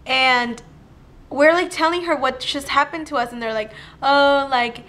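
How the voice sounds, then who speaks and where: A young woman telling a personal story to camera in a chatty, animated way, with "like" all through her talk. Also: sits high, moderate pace. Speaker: vlogger. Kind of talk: casual storytime.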